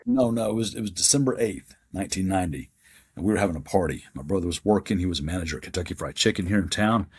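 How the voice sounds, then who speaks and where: A man's voice: deep voice, animated, very fast, husky. A man in his fifties, a podcast guest telling his life story in a plain-spoken, earnest way. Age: 50s.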